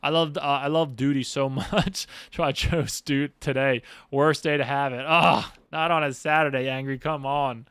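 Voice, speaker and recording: A man's voice: mid-range voice, fairly even intonation, normal speed, few pauses, a bit bright, clear, resonant tone, no room sound, studio quality. A young man talking casually on a livestream, blunt and profane, rambling with lots of fillers and restarts. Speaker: streamer; Marine.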